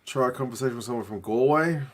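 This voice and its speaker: Talking fast in a mid-range voice, this Kiwi guy keeps up a chatty live stream while a rugby game plays. He reads out what viewers write, replies to them, and drops "bro" along the way.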